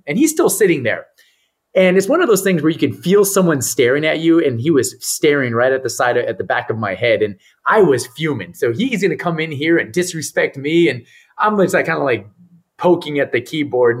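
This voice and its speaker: A man tells a story as a podcast guest with a slightly husky, grainy voice. His pitch swings widely as he acts out the people in his story. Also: brisk. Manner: animated storyteller who acts out the people he quotes. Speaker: guest, mental performance coach.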